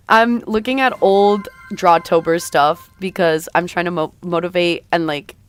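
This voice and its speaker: A woman who streams and makes art chats casually with her viewers, rambling and hesitant in a slightly raw voice. She speaks at a measured pace, fairly low in pitch, with a clean tone.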